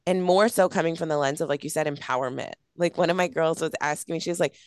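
A woman's voice: deep voice, quick pace, smooth, no room sound, clean studio sound. A young woman hosting a podcast, talking in a gushing, casual way full of "like"s. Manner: gushing, filler-heavy with many "like"s. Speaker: podcast host and coach. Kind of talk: casual interview chat.

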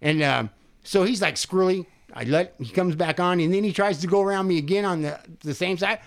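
An older man casually telling a profane, animated story on a podcast, acting out the quotes. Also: high voice, fairly quick.

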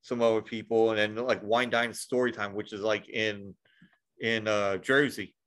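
A man's voice: fairly low pitch, level tone, moderate pace, a bit bright. A man chatting casually on a podcast, rambling with lots of restarts and the odd swear. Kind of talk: casual chat.

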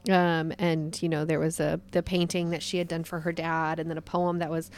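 A woman in her thirties co-hosting a podcast, soft-spoken and halting as she chats casually. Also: deep voice, flat delivery. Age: 30s. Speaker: podcast co-host.

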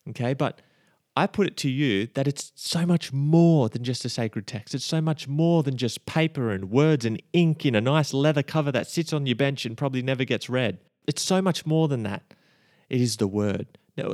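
A man's voice: mid-range voice, darkish tone, no echo, studio quality. A young man hosting a devotional podcast, talking earnestly and conversationally and asking his listeners many rhetorical questions. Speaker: podcast host and high school teacher.

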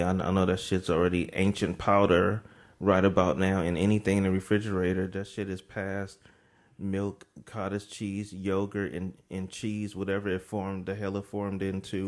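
Deep, gravelly-voiced man cracking jokes. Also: monotone, normal speed. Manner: profane, punchy, and loud when mocking someone. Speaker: podcast co-host. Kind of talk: casual comedic banter.

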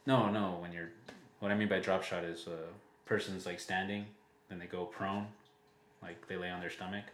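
A man's voice: sits low, little pitch movement, moderate pace, fairly bright tone, a little hiss or hum. A tired man co-hosting a podcast in casual chat, rambling and laughing often. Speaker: podcast co-host. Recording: echoey room.

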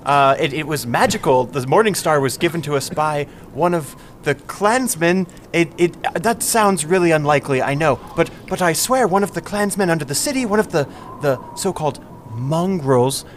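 A man's voice: on the high side, animated, normal speed, few pauses, slight background noise, natural voice. A man voicing a nervous young male bard who stammers and rambles under threat. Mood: flustered. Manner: stammering, flustered.

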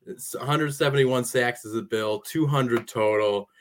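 A man's voice: mid-range voice, a little slow, a little hiss or hum. A man guesting on a sports podcast, chatting casually and enthusiastically and laughing often. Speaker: guest co-host, sports fan.

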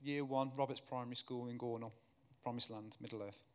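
A man, a guest preacher telling a story in his sermon, getting louder and higher as the tension builds and softer when he prays. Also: clear, resonant tone. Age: 30s. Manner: animated storyteller, grows loud and high when excited, softer and slower in prayer.

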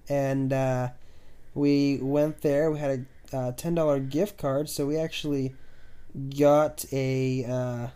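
A man speaks slowly in a mid-range voice with a clean tone, hosting a casual podcast from his home through a new budget desk mic. His chat rambles along in a relaxed way, packed with fillers and "so"s that trail off.

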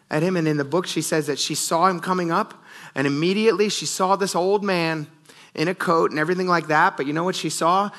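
Bright-voiced man preaching a sermon. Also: on the high side. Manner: earnest storytelling, often says "you guys". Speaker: pastor.

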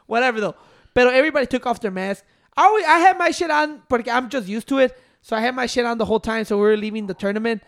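A man's voice: very high-pitched, quick pace, fairly bright tone. A young man in casual chat, joking and swearing, mixing English with Spanish slang. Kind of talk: casual chat, Spanglish storytelling.

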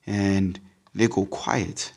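A man's voice: low voice, fairly even intonation, extremely slow, vocal fry, darkish tone. A man giving a casual devotional talk to Christians, rambling and repeating words with lots of fillers. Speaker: podcast speaker.

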